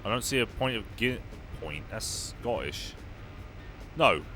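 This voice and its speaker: A man's voice: mid-range voice, animated, moderate pace, pushed and bright. A young man giving casual, wry commentary while playing a racing game and answering his chat. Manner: chatty, wry, talks to live chat. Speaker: gaming YouTuber. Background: game music and car engines.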